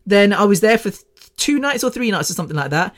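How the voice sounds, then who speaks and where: A woman in her fifties hosting a podcast speaks at a quick pace in an expressive, medium-pitched voice. Her storytelling is casual, rambling, and chatty, punctuated by frequent laughs and the odd curse.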